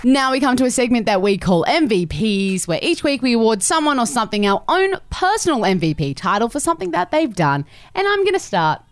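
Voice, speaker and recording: A young Australian woman co-hosting a sports podcast, telling stories in animated casual chat and laughing often. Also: fairly high pitch, a little fast, few pauses. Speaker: podcast co-host.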